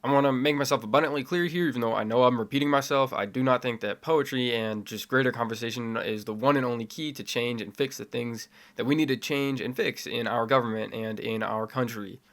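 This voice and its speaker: A young man with a middle-pitched voice speaks straight to his camera in a self-made video essay. His delivery starts measured and builds into fiery, impassioned conviction. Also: a bit bright. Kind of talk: spoken opinion essay to camera.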